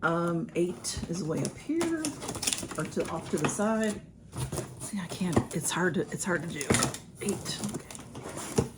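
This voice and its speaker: A woman's voice: lowish voice, sing-song, measured pace, heavy background noise. A woman, chatting casually through an unboxing with lots of ums and restarts. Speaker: vlogger. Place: home room with a ring light.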